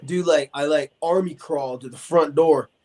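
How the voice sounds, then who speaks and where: On a podcast, a man in his forties with a voice on the high side talks at a normal speed. His long, casual story is animated, crowded with fillers, and he acts out what others said.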